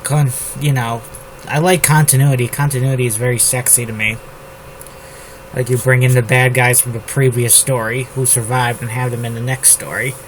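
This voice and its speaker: A man from the United States drafting his novel out loud, repeating words and phrases as he types them. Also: mid-range voice, little pitch movement, normal speed, a little hiss or hum, poor audio. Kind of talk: thinking aloud while drafting a novel. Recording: loud keyboard typing over the voice. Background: keyboard typing.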